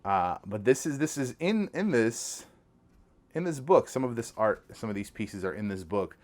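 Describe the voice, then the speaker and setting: A man's voice: mid-range voice, lively intonation, moderate pace, darkish tone. A man hosting a casual podcast, showing off items with eager, rambling enthusiasm and lots of restarts. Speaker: podcast host. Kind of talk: casual podcast show-and-tell.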